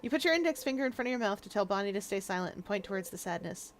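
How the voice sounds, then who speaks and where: A woman streamer reading game narration aloud in a calm, quiet manner. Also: medium pitch, very fast. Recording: faint game music underneath.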